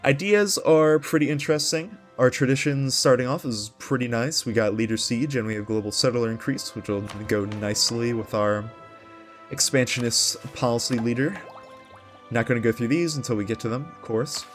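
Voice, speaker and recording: A man's voice: mid-range voice, moderate pace, faint music behind. Casual man narrating a strategy game. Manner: casual, rambling asides. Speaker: let's play host.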